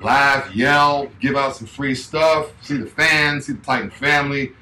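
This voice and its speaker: A man's voice: mid-range voice, a little slow, pushed and bright, slight background noise. A man co-hosting a casual talk show, speaking in an emphatic, rambling way. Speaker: co-host. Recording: roomy echo.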